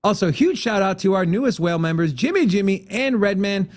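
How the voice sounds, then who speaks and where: Wrapping up his casual talk show, this male host meanders through the goodbye, full of filler words. His voice is high-pitched and expressive, with a slightly quick pace.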